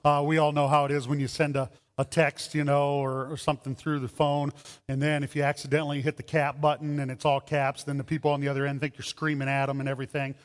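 A man preaching a sermon as a pastor, animated, acting out voices in his stories. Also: on the high side, quick pace. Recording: long hall reverb.

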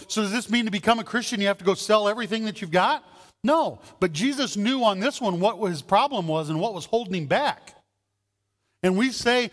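A man's voice: high voice, a bit bright, in a large hall. A man preaching a sermon as pastor, talking conversationally and asking the congregation rhetorical questions.

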